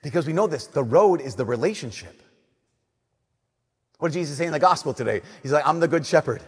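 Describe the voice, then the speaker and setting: A young man, a Catholic priest, giving an earnest, conversational homily that drops to soft emphasis. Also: a little high, expressive, fairly quick, husky. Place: church. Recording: long church reverb.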